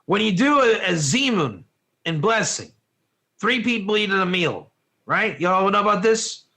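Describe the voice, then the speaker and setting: A man teaching an online Torah class in a lively, joking way, firing questions at his students. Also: sits high, measured pace. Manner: animated, asks the class questions, often says "one or two", laughs at own jokes.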